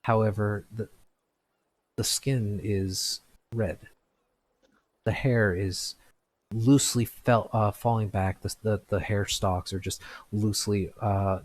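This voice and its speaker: A man narrating a tabletop game as game master, describing scenes in a halting, descriptive way. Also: on the low side, level tone.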